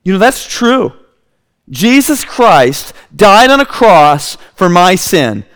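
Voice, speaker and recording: A man preaching a sermon, telling a story in an animated way and acting it out. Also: high-pitched, slow.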